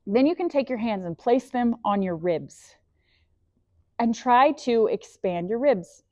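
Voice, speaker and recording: A woman's voice: on the high side, lively intonation, unhurried, a little mellow, dry recording, lo-fi sound. A woman leading a guided breathing lesson, enthusiastic and encouraging, mixing body facts with faith, speaking into a clip-on mic. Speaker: breathwork instructor. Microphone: clip-on microphone.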